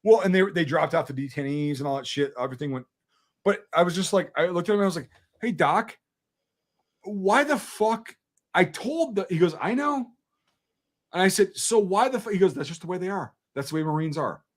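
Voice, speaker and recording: A man's voice: on the high side, quick pace. Profane storyteller man from Wisconsin. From Wisconsin, USA. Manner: profane, animated, acts out quoted dialogue. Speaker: military veteran telling a war story. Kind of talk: casual storytelling chat.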